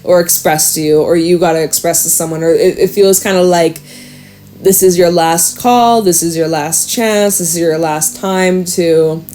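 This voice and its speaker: A woman with a lowish voice talks through a tarot spread in a loose, chatty way, breaking into excited bursts and casual swearing. Soft music plays faintly underneath. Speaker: tarot reader.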